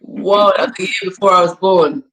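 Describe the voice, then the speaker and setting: A talkative man in his forties with a London accent, his voice sitting a touch high for a man. He co-hosts a relaxed live chat, laughing easily and repeating his points. The room adds a noticeable echo. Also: normal speed. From England. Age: 40s. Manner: chatty, laughing, repeats phrases. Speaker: co-host. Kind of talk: casual chat on a live stream.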